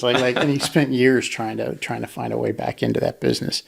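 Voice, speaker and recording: A man co-hosting a casual podcast discussion, rambling with many restarts and acting out quotes in a higher voice. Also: little pitch movement, a little fast, gravelly, slightly rough. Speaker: podcast co-host.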